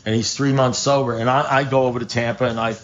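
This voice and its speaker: A man's voice: mid-range voice, level tone, quick pace. A man speaking at a recovery meeting, telling a story in a loose, conversational way, with wry asides and restarts, acting out other people's lines. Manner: acts out quoted dialogue. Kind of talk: storytelling talk to a live group. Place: meeting room at a recovery group. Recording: dull lo-fi room recording, faint noise.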